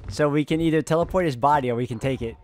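A man in casual game voice chat, reacting with quick exclamations. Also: fairly high pitch. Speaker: gamer. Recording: noisy game audio behind voice chat.

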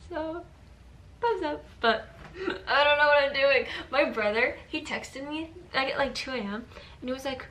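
High, bright-voiced teenage girl vlogging. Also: moderate pace. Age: teens. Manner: rambling, fillers of "like", frequent giggles. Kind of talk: casual daily vlog. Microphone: handheld camera held up close.

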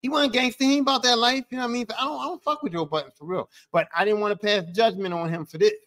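High-voiced man ranting, profane and heated. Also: fairly even intonation, racing, fairly bright tone. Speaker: podcast host. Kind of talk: angry solo podcast rant.

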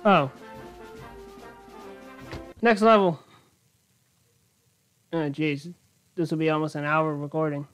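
A man giving let's-play commentary on a racing video game, rambling through animated, self-mocking jokes as he plays. His voice sits high for a man, with faint game music playing softly behind him. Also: slow pace, pauses often, clean tone. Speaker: gaming commentator.

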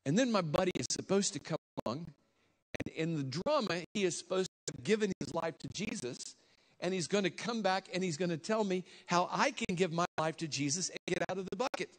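A male preacher with a fairly high voice tells a story from the pulpit with great animation. He swings between hushed asides and sudden shouted lines as he acts out the scene. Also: lively intonation, a little fast. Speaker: guest preacher. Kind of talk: storytelling sermon.

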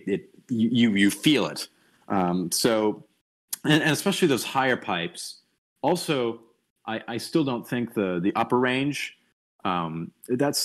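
Young man, lower pitch, relaxed online lecturer; halting, restarts often, opinionated. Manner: thinking aloud, many restarts and ums, opinionated asides. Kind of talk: casual online lecture over voice chat. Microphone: computer mic on a voice call.

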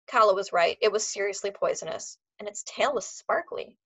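A woman reads a novel aloud for a class, lively in delivery and quick to slip into the characters. Her voice sits in a middle range, close and dry, with a slightly muffled, dull quality to the recording. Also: medium pitch, husky, no room sound. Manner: expressive, acts out characters. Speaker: teacher reading aloud.

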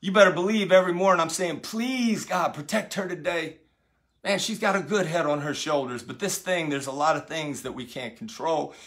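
A middle-aged man giving an impassioned motivational talk, preacher-like, repeating phrases and swinging from loud pleas to hushed words. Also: fairly high pitch, a little fast, few pauses. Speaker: speaker.

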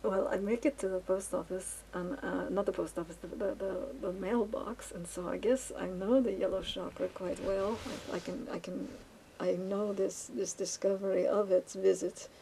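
A woman rambling in a casual monologue while she paints, halting often with fillers and restarts as she muses aloud. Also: mid-range voice, steady tone, vocal fry, dark tone, a little hiss or hum, rough recording. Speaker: vlogger.

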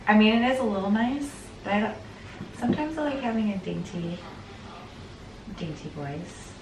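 A woman with a raspy, husky voice chats in an upbeat, casual way while her hair is done. She often leaves sentences unfinished. The sound is roomy and picked up from a distance, with noise behind. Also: medium pitch, animated, moderate pace. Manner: chatty, upbeat, trailing off mid-sentence. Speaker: bride-to-be getting her hair styled. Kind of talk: casual chat. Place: indoors at a rental home. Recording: echoey room, distant mic, background noise.

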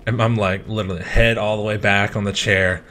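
A man's voice: on the low side, little pitch movement, fairly quick, sharp tone. A young man casually telling a rambling, profane story while playing a video game, often breaking off to talk to the game. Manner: rambling, profane, laughing, talks to the game between story beats. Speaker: gaming streamer.

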